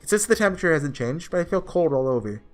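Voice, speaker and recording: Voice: medium pitch, lively intonation, quick pace, soft background music, natural voice. A reader reading aloud a worried male doctor giving technical readings over comms in a game, stumbling over the terms.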